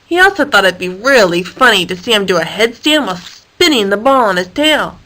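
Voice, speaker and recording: A woman narrating a children's storybook in a lively, playful reading voice. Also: mid-range voice, a little fast, few pauses.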